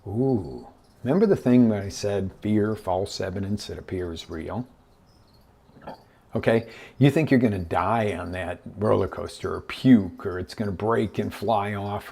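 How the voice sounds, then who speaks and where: Animated gravelly-voiced male life coach. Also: fairly low pitch. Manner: animated storytelling, acting out voices in his stories. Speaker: life coach hosting a live show. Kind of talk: motivational talk. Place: live online broadcast.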